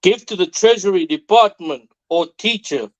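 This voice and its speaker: A man's voice: sits high, expressive, normal speed, lo-fi sound. A man making formal announcements and ceremonial call-outs to a religious class.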